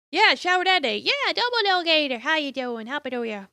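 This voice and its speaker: A woman's voice: high-pitched, lively intonation, brisk, vocal fry, few pauses, pushed and bright, no room sound, clean studio sound. A young woman streamer chatting casually and playfully with her viewers, often laughing. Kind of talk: casual live-stream chat while playing a game.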